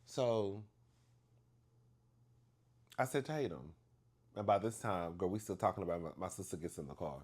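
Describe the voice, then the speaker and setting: Chatty storytelling man, lowish voice. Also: moderate pace, pauses often, husky. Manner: chatty, animated, addresses listener as "girl"; acts out dialogue with exaggerated emphasis. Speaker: vlogger telling a story. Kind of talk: casual storytelling to camera.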